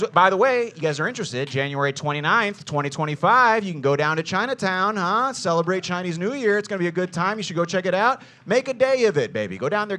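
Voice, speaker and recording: Brash, high-pitched, lively man guiding a group. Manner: brash, jokey, addresses listeners as "you guys" and "baby". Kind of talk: lively history talk to a group.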